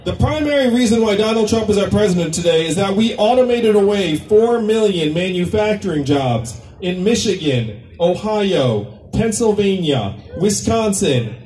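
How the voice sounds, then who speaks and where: Man, presidential candidate, rally speech, joking, conversational, high-pitched, distant mic. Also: dark tone, reverberant. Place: political rally venue.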